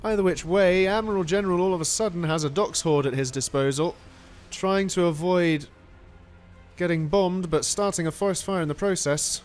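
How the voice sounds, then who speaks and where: Excitable man calling a strategy match. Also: sits high, normal speed, faint music behind. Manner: excitable, animated play-by-play with frequent exclamations. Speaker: game commentator. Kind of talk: live strategy game commentary.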